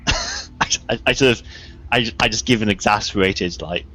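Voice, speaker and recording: A man's voice: lowish voice, moderate pace, slight background noise. A man playing in a tabletop game, talking casually and hesitantly. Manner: hesitant, animated. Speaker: player.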